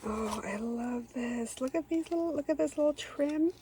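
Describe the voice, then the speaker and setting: A woman's voice: high voice, normal speed, background noise. A woman hosting a craft channel, unboxing a swap package. She gushes and gasps over each item and often says "oh my gosh.".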